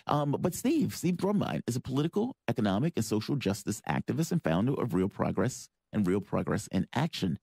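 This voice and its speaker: A male radio host talking in a loose, chatty way, full of fillers and restarts. His voice is gravelly and a bit husky. His pitch jumps around a lot, and the sound is dry and close. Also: a little fast, few pauses, no room sound. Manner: chatty, lively, rambling with fillers. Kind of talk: casual radio interview.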